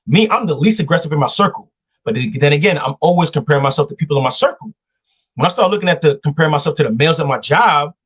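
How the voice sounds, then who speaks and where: A man's voice: fairly high pitch, husky. A man talking emphatically as a guest on a casual podcast, telling stories and making his points like a sermon. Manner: emphatic, preachy storytelling.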